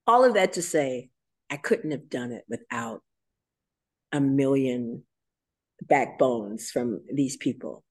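A middle-aged woman in a podcast interview, telling stories with animated emotion and frequent laughter. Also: rumbling low, takes it slowly, long pauses, husky. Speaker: guest choreographer and dancer.

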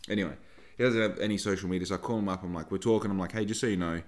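A man's voice: deep voice, steady tone, rapid-fire. A young man hosting a podcast, talking in a casual, rambling way and swearing freely as he tells a story. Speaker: podcast host and small business owner.

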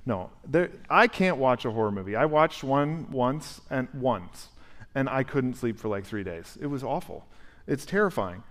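A male pastor preaching a conversational, animated sermon and asking the congregation questions in a church sanctuary. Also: mid-range voice, normal speed.

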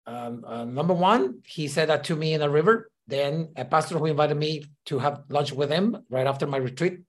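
A man with as his tells his story as a podcast guest. He leans on lots of "uh" fillers and acts out the voices of the people he quotes. His voice sits a little higher than most men's. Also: animated, moderate pace. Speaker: ministry leader, guest. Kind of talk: casual interview storytelling.

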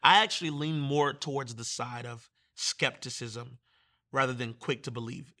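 A man from Virginia, a guest minister, telling his testimony in conversation in an animated way and acting out the voices he quotes. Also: mid-range voice, normal speed.

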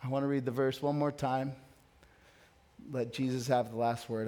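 A man preaching a sermon as a pastor, earnest and emphatic, dropping to a soft, hushed voice in prayer. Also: medium pitch, fairly even intonation, moderate pace, long pauses.

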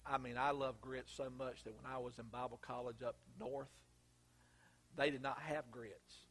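A man's voice: mid-range voice, fairly even intonation, moderate pace, fairly bright tone. A middle-aged man with a Southern US accent preaching a sermon, telling folksy stories with sudden emphatic bursts. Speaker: pastor.

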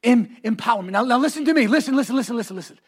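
A man preaching a sermon as pastor, building to shouted lines and calling on the congregation to repeat after him. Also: very high-pitched, expressive, very fast. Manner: preaching, often rising to shouts, calls for congregation responses.

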